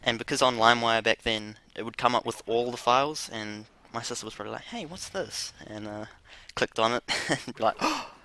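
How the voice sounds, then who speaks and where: A man's voice: medium pitch, steady tone, a little fast, hardly any pauses, pushed and bright, a little hiss or hum. A man telling a crude, rambling story with laughs while commentating over gameplay.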